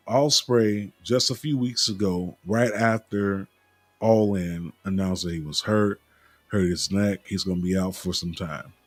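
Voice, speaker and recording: A man's voice: low-pitched, slightly rough, no echo. A man hosting a casual wrestling talk show, joking and laughing at his own stumbles over names. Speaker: podcast host.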